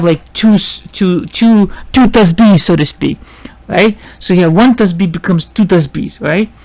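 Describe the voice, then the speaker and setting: Gravelly-voiced man lecturing haltingly. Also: high voice. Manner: halting, with many restarts and rhetorical questions; checks in with "see?" and "right?". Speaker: biology teacher. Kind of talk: informal classroom lecture.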